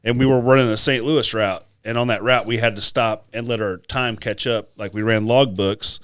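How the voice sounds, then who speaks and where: A man's voice: mid-range voice, fairly even intonation, normal speed, fairly bright tone, clean tone. A man co-hosting a casual podcast, telling trucking stories in a profane, rambling way and laughing as he goes. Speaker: podcast co-host, truck driver. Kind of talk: casual storytelling chat.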